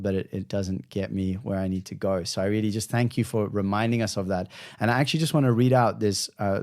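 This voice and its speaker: A man hosting a podcast, speaking in a heartfelt, effusive way and thanking his guest and listeners warmly. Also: lowish voice. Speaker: podcast host. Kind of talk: conversational podcast talk.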